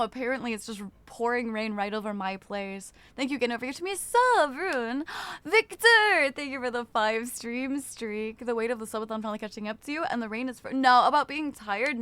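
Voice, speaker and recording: Young woman streamer, casual chat, fairly high, crisp and dry. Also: fairly bright tone, dry recording. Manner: chatty, greets chat by name, swears casually.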